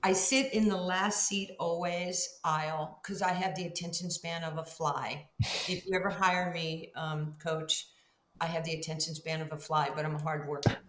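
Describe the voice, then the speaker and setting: Animated storytelling woman, roomy sound. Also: sits low, moderate pace, background noise. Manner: animated storyteller who acts out both sides of conversations. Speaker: guest, Hall of Fame basketball player. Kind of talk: podcast interview storytelling.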